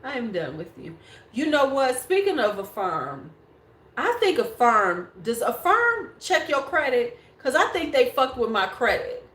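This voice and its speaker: A woman's voice: sits high, sing-song, a little slow, fairly bright tone. A woman in her forties hosting a beauty livestream, chatting casually and bluntly with viewers and swearing freely. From United States. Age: 40s. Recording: echoey room.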